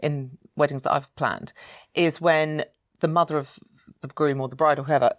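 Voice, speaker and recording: A middle-aged woman, a wedding planner, chatting casually on a podcast and telling animated stories. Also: low-pitched, normal speed, dry recording, studio quality. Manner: animated storyteller, laughs often.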